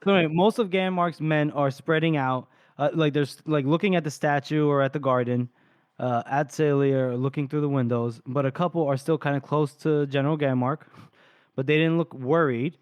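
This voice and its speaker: A man's voice: a little high, steady tone, brisk, clean tone, dry recording. A man co-hosting a podcast, recapping a book chapter casually and trailing off mid-thought. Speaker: podcast co-host.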